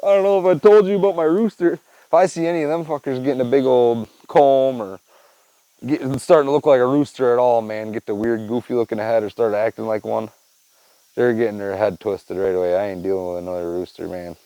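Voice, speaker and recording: On this podcast, the host speaks briskly in a medium-pitched, steady, mellow voice with a clean tone. His storytelling chat is casual, rambling, and profane, with "man" and "dude" tacked on. The sound is lo-fi, with no room sound.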